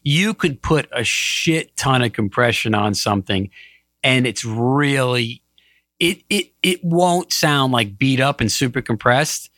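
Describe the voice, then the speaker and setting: A man's voice: medium pitch, measured pace, pushed and bright, no room sound, clean studio sound. A man in a casual chat who sounds laid-back and agreeable, often chuckling along.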